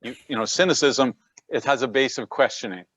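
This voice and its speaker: A man's voice: mid-range voice, fairly quick, fairly bright tone, slightly rough, dry recording. A Canadian man, a personal trainer, chatting as a guest from his home gym, self-deprecating and prone to repeating words. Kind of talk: casual conversation.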